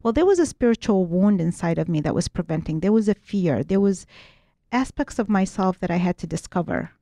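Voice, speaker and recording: This guest, a writer and spiritual workshop teacher, speaks in a lowish, dark voice that's animated and fairly quick, recorded studio-clean with no echo. Earnest about explaining her teachings, she keeps restarting sentences.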